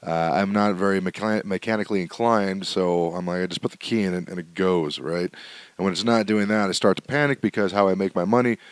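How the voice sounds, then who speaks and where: A man's voice: low voice, fairly even intonation, brisk, clear, resonant tone, dry recording. A man hosting a podcast from home, telling a candid, rambling story with lots of fillers and restarts. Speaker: podcast host. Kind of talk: casual storytelling monologue. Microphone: home setup, still adjusting sound.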